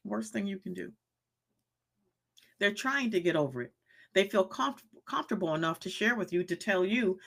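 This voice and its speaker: A woman's voice: fairly low pitch, big pitch swings, fairly quick, fairly bright tone. A woman hosting a motivational live stream, speaking in a preachy way, repeating her questions and reading chat comments aloud.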